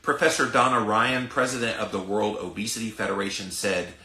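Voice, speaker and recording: A man's voice: fairly low pitch, fairly even intonation, fairly quick, pushed and bright, reverberant. A middle-aged man with a Southern US accent hosting a podcast, ranting emphatically and speaking straight to his listeners. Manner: emphatic, preachy, addresses listeners directly. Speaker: podcast host. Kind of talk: ranting commentary.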